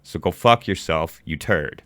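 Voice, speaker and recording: A man's voice: sits low, measured pace, a bit bright. An adult man ranting angrily in a profane reaction commentary, recorded close on a mic. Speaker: commentary YouTuber.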